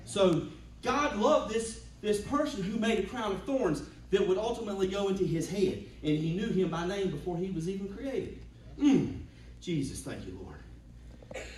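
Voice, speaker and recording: Pastor preaching in an echoey church. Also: male voice, sits high, normal speed, hardly any pauses, far from the mic. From Georgia, US. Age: 40s. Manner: preaching with hums, builds to shouts. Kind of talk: sermon. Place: church sanctuary.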